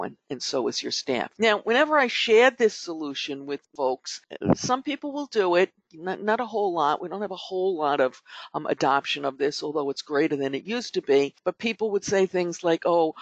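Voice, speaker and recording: A man's voice: a little high, dry recording. A middle-aged man hosting a podcast, giving advice in a chatty, rambling way with many fillers and restarts. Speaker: podcast host. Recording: dull dry lo-fi podcast audio.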